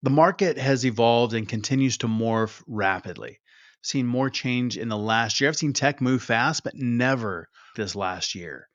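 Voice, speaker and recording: Man, podcast host, energetic storytelling, mid pitch, dry muffled sound. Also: a little slow, no room sound. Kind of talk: podcast monologue.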